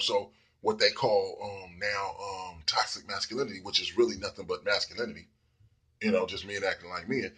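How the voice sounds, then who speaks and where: A man's voice: fairly low pitch, sharp tone, breathy edge. A man giving a blunt, profane casual monologue full of fillers. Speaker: commentator.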